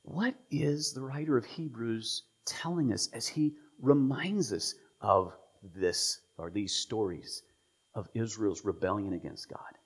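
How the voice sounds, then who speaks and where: A man preaching a sermon as a pastor, retelling stories with lively emphasis, voicing the people in them and dropping at times to a whisper. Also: fairly low pitch, a little slow, breathy edge. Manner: animated storytelling, voicing quoted figures, dropping to whispers.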